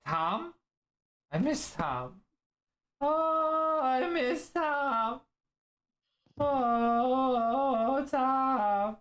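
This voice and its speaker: A man voicing a huge, gentle, simple-minded liger beast who speaks in broken, childlike grammar. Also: very high voice, very animated, slow pace, long pauses, pitched above the performer's own voice, exaggerated voice. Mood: sad.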